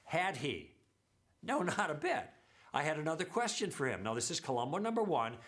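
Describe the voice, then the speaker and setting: A man's voice: fairly high pitch, very animated, normal speed, a bit bright. A middle-aged man teaching a church lesson, telling stories and acting out the dialogue as he goes. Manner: anecdotal, acts out quoted dialogue.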